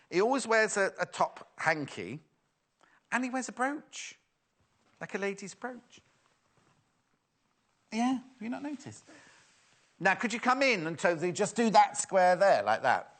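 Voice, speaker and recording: On a live TV shopping show, a male presenter keeps up chatty, self-mocking sales talk and often giggles at his own jokes. His voice is high with a fairly bright tone.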